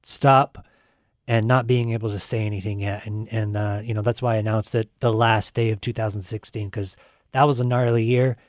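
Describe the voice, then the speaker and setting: A young man talking earnestly on a live call-in show, pausing often with fillers as he answers questions. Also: on the low side, steady tone, dry recording, clean studio sound. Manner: earnest, halting with many fillers. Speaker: guest musician. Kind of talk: casual live radio talk.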